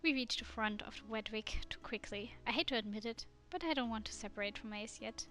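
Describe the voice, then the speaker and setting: A woman streamer reading a dating game aloud in a soft, immersive way. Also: fairly high pitch, fairly quick, faint music behind.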